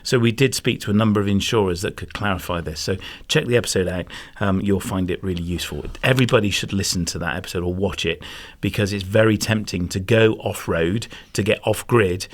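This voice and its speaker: A man hosting a podcast, giving practical advice in a relaxed, chatty way. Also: deep voice, a little fast. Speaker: podcast host. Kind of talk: casual podcast chat.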